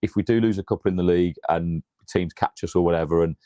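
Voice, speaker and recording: A man co-hosting a casual football podcast, excitable, swearing freely and repeating himself as he talks. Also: sits low, quick pace. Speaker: podcast co-host.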